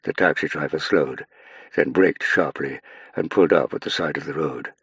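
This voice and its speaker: Very deep husky male narrator. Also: moderate pace, dry recording. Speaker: audiobook narrator. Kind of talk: scripted narration.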